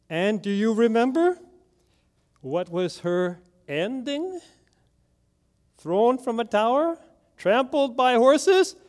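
A man's voice: high-pitched, a little mellow. A man preaching a sermon, telling a story dramatically and asking the congregation rhetorical questions.

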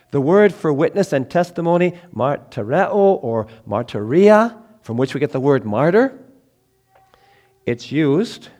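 A man preaching a sermon with emphatic, deliberate phrasing, pausing for effect and dropping to quiet, low lines between loud emphatic ones. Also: big pitch swings. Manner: emphatic, slow deliberate phrasing with dramatic pauses.

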